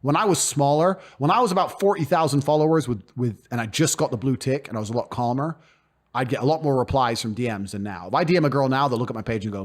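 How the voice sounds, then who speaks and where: A podcast guest with a mid-range voice talks at a quick pace, blunt and emphatic in a casual interview. He swears freely and often acts out what other people said in put-on voices.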